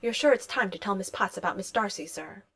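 A woman's voice: mid-range voice, fairly quick, fairly bright tone, lightly acted. Jarvis, a dry polite AI butler, read by a woman. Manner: formal, dry and deferential. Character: polite dry-witted male household AI butler. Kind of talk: audiobook reading of fan fiction.

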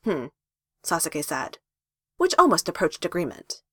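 A woman narrating a fanfiction story with lively, playful emphasis. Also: lowish voice, moderate pace, no echo, studio quality. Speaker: fanfiction reader.

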